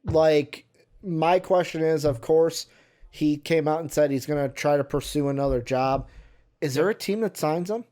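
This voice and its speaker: A man hosts a casual sports talk show. His voice sits a bit high, and he rambles before working himself up into heated bursts. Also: moderate pace. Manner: heated, rambling, animated when worked up.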